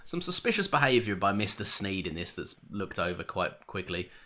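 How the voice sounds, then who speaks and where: A man with a fairly low voice that has a bright, forceful edge. He co-hosts a podcast in casual chat, rambling and hesitant, with a laugh running under what he says. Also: very animated, moderate pace. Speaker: podcast co-host.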